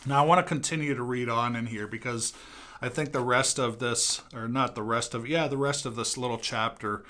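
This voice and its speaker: A man's voice: mid-range voice, fairly even intonation, fairly quick, bright, forceful tone. A man speaking as a pastor in a devotional talk, earnest, reading from a book and repeating key lines for emphasis.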